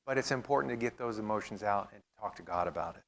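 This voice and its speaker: A man's voice: lowish voice, fast, a bit bright. A man leading a church Bible class, talking earnestly and reading scripture aloud with feeling.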